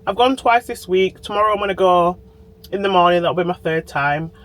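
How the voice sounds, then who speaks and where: A woman's voice: fairly low pitch, fairly quick, poor audio. A woman chatting to camera in a diary vlog, sitting in a parked car and talking into her phone. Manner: bubbly, chatty, talks straight to camera. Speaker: vlogger.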